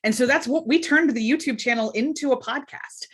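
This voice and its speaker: A woman, a podcast guest talking in an animated, chatty way in a casual interview. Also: sits high, slightly rough. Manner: animated, chatty, quick asides and laughs.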